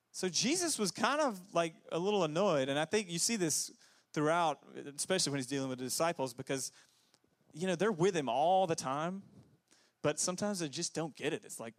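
A man giving a casual, conversational sermon as pastor, full of fillers and quick asides. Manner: conversational, many fillers, jumps into high put-on voices for quotes.

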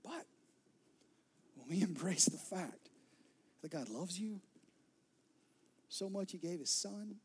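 A man preaching a sermon, telling the story dramatically, sometimes dropping to a soft whisper and sometimes rising to an emphatic peak. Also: high-pitched, expressive, slow, long pauses, slightly rough. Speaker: pastor.

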